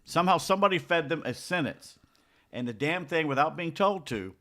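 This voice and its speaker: A man co-hosting a talk radio show, telling stories in animated, casual chat. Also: a little high, a little fast.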